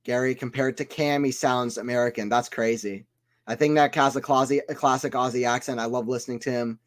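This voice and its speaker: A man giving casual play-by-play commentary on a tennis watchalong stream, chatting with viewers between points and getting loud on big shots. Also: mid-range voice, fairly even intonation, brisk. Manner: chatty, reads chat aloud between points.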